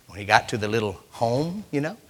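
This man delivers a sermon that swings between loud, urgent preaching and hushed, almost whispered asides while he reads and retells scripture. His medium-pitched voice moves through big pitch swings at a fairly quick clip.

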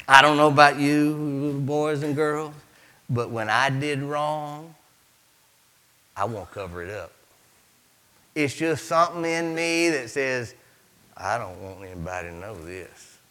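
A middle-aged man preaching a sermon, telling the story dramatically and acting out the voices, swinging from hushed near-whispers to shouts. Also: mid-range voice.

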